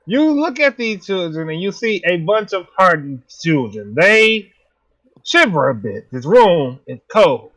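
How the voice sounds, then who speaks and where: A man narrating a tabletop game as its game master. His voice sits a little high and swings widely in pitch. He delivers his characters' lines in slow, weighty pronouncements. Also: very animated, a bit bright.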